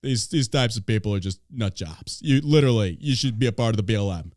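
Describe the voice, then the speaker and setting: A man's voice: on the low side, lively intonation, fast, darkish tone, no room sound, clean studio sound. A man hosting a podcast, ranting in casual chat with a profane, sarcastic, mocking manner. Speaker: podcast host.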